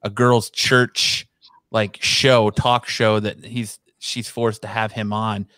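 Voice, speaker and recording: A man's voice: on the low side, little pitch movement, takes it slowly, fairly bright tone, no room sound. A man on a podcast animatedly retelling favorite film moments in a casual chat. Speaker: podcast guest.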